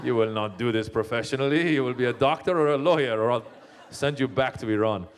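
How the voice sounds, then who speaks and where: A man putting on his larger-than-life Iranian immigrant father, with a thick Persian accent and a loud, operatic way of talking. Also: medium pitch, fast, a little hiss or hum, close to an everyday voice. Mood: stern.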